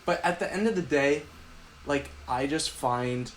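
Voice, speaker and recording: A man's voice: fairly high pitch, measured pace, a little hiss or hum. A man co-hosting a podcast, arguing about a film in a blunt, teasing, profane way. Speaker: podcast co-host. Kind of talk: casual film debate.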